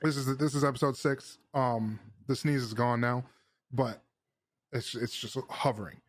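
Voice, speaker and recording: Guy hosting a gaming podcast, mid pitch, rambly, dry close sound. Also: steady tone, moderate pace, no echo. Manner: rambling, laughs at himself. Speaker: podcast host. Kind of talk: casual chat.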